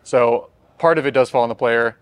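A young man hosting a casual podcast discussion, leading the questions in a quick, conversational way. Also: medium pitch, no room sound. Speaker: podcast host.

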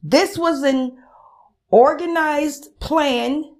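Drawing out her words in a high-pitched voice, a woman hosts her own podcast full of casual, profane ranting. She's animated and swears freely, acting out calls with friends.

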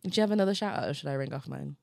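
A young woman co-hosts a casual podcast, telling stories animatedly and laughing as she goes. Her low voice races along with vocal fry and sounds slightly muffled from chewing gum. The recording is studio quality with no echo.

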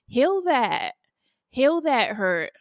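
A woman's voice: high voice, sing-song, very slow, no room sound. A young woman hosting a solo motivational podcast, talking bluntly and casually and swearing freely. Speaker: podcast host.

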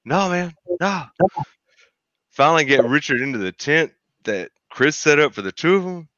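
A man, co-hosting a podcast and telling a lively story where he acts out his friends' voices. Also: a little high, brisk, dry recording, lo-fi sound. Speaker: podcast co-host. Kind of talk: casual storytelling.

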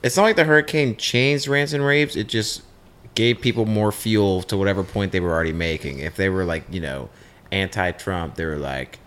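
A man's voice: low voice, moderate pace, fairly bright tone. A man co-hosting a podcast in casual chat, rambling with wry asides. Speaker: podcast co-host.

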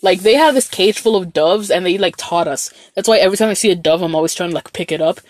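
A woman's voice: on the low side, fast, dry recording. A young woman telling a story in a casual vlog, rambling and swearing, with lots of fillers and restarts. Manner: rambling, profane, animated storytelling with many fillers.

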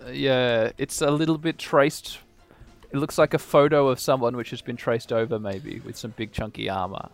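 A man co-hosting a video game playthrough in casual, joking commentary, quick to laugh. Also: mid-range voice, fairly even intonation. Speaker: let's play co-host.

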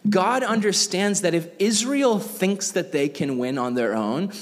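A man's voice: high voice, unhurried. A young man giving a casual, jokey Bible lesson, acting out characters as he tells the story. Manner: animated, jokey, acts out quoted characters. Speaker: youth Bible teacher. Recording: echoey hall.

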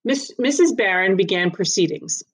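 Woman reader, measured storybook narration. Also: medium pitch, expressive, breathy edge, rough recording. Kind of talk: storybook reading.

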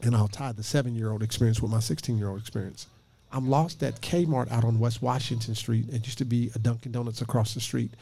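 A man in his late thirties, a pastor, telling a lively personal story with jokes and acted-out quotes. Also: medium pitch, fairly quick, gravelly, slightly rough. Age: late 30s. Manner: lively, joking, acts out quoted voices.

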